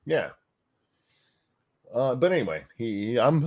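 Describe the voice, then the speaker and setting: Lively, sarcastic man hosting. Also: medium pitch, moderate pace. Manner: animated, sarcastic. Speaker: host. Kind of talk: casual political chat.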